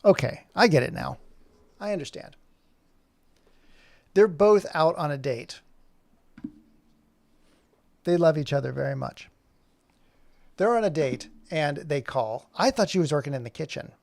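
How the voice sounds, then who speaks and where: Gravelly man rambling on a live stream. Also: on the high side, expressive, unhurried, long pauses, no echo. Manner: rambling, thinking aloud while fumbling with software; jokey and self-mocking. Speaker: animator streaming his work. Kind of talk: casual live-stream chat.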